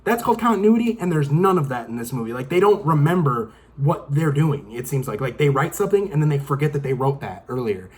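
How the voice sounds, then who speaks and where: A man's voice: a little high, sing-song, fast, few pauses, a little mellow. A young man giving a casual, profane, rambling movie review, exasperated and acting out lines from the film. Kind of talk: casual rant-style review.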